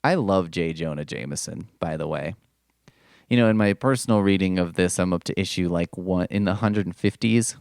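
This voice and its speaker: In a low, clear and resonant voice, a podcast host chats casually about an old comic book, rambling along with plenty of swearing and side comments. It's studio-quality audio with no echo.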